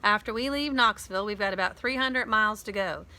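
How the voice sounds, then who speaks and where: A woman's voice: mid-range voice, brisk, sharp tone, slight background noise. Woman voicing an orderly, practical mother. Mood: matter-of-fact. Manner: reading out a plan, orderly. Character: organized mother of three, practical.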